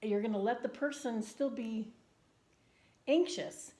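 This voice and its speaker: Woman vlogger just chatting, soft and earnest, lotsa ums, kinda echoey room. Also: fairly high pitch, unhurried. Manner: earnest, gentle, many ums and restarts. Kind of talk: casual chat. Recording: roomy indoor echo.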